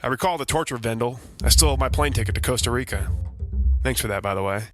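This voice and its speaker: An actor playing a wisecracking private detective who narrates in a dry, hard-boiled way and grows exasperated. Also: male voice, medium pitch, fast talker, music in the background, lightly acted. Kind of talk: comedy noir audio drama.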